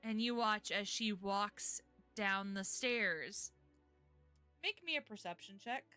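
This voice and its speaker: A woman's voice: medium pitch, slow pace, pushed and bright, faint music behind. A woman narrating a tabletop game as game master, casual and often laughing.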